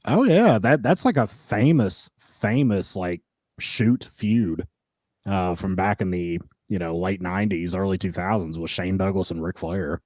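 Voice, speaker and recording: With a deep, slightly slow voice and no echo, this man co-hosts a laid-back wrestling review podcast. He laughs a lot and tells animated stories.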